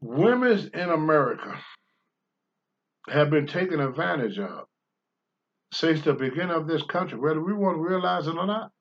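Blunt older man preaching with lively pitch. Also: normal speed, pauses often, dull audio. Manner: blunt, preachy, swings from low mutters to loud outbursts. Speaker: podcast host, former wrestler. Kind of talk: candid talk-show commentary.

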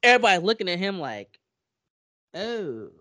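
A woman co-host tells the story animatedly, slipping into the voices of the people she describes. She swears freely and laughs often, and her pitch sits in an ordinary middle range. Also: expressive, normal speed. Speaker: podcast co-host. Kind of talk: casual chat.

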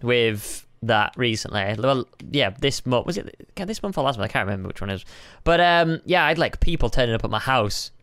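A man's voice: medium pitch, lively intonation, a little fast, few pauses, fairly bright tone, smooth, dry recording. A man co-hosting a casual podcast chat, teasing his friend with fillers and laughs. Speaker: podcast co-host.

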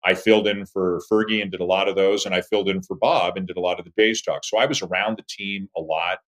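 A man in his fifties, a sportscaster, telling stories about his career as an animated interview guest. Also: quick pace. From Toronto, Canada. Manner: animated storyteller, lively swings in pitch and volume. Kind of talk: conversational interview storytelling.

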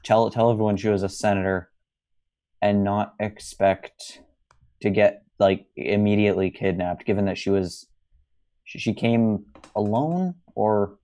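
A man co-hosting a casual fan podcast, easygoing and unhurried, often hedging his opinions. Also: on the low side, mellow. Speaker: podcast co-host.

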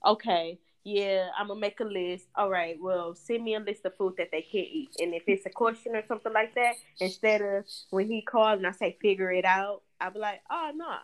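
A young woman chats casually and tells lively stories about her family. She acts out what the others said and often breaks into laughter. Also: mid-range voice, a little fast, hardly any pauses. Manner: expressive, laughs, acts out quotes. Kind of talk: casual chat.

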